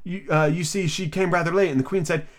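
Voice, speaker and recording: A man voicing a timid, nervous rabbit who speaks in a low, hurried, anxious tone. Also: steady tone, close to an everyday voice.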